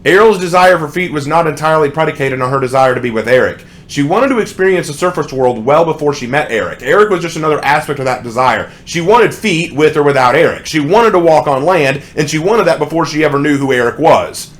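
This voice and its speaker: A man's voice: on the high side, expressive, fairly quick, hardly any pauses. A young adult man ranting sarcastically as a song reviewer, with exasperated commentary.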